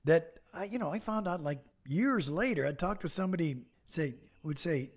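A man's voice: on the high side, expressive, normal speed, few pauses, slightly rough. An older man, a comedian guest on a podcast, telling rambling anecdotes with many fillers and restarts. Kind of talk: casual anecdotes.

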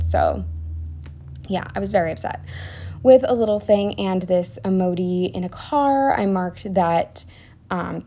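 A woman's voice: on the low side, warm tone. A young woman chatting through her week in a casual voice-over, rambling with lots of ums and likes. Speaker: planner vlogger. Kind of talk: casual voice-over narration of a planner spread.

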